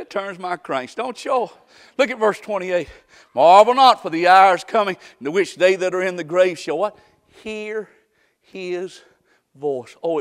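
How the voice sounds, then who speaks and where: A man preaching a sermon, shouting some lines and hushing others, with folksy repeated questions to his congregation. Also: fairly high pitch. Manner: swings from shouted calls to hushed asides.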